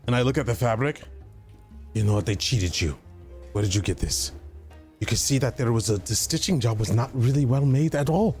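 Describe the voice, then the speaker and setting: A man's voice: mid-range voice, brisk, a little mellow, soft background music. A man playing a tabletop role-playing game, talking in stammering, flustered apologies, slipping in and out of character. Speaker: player.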